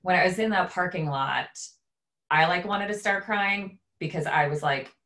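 A woman in her thirties, a podcast co-host, telling a story in a casual, animated way. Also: lowish voice, moderate pace. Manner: animated, acts out quoted voices.

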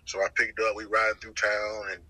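A middle-aged man from North Carolina, telling his testimony in a lively way and acting out the voices he quotes. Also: fairly low pitch, brisk, no echo, rough recording. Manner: lively storyteller who acts out the voices he quotes, repeats phrases. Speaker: guest sharing his testimony. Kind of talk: personal testimony storytelling.

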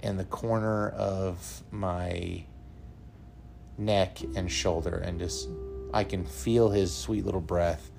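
A man's voice: low-pitched, fairly even intonation, takes it slowly, creaky, darkish tone, slight background noise. A young man hosting a podcast, telling a personal story earnestly and laughing now and then. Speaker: podcast host.

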